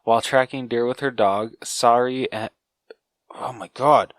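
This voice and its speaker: A man's voice: mid-range voice, steady tone, unhurried, no room sound. A young man co-hosting a podcast, casually recapping a film's plot, stumbling over names and swearing at himself. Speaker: podcast co-host.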